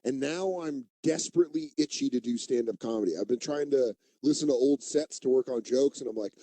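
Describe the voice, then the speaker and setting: A man hosting a radio show, chatting in a jokey, animated way. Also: mid-range voice, brisk. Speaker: radio host, comedian. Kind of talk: casual radio chat. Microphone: studio mic.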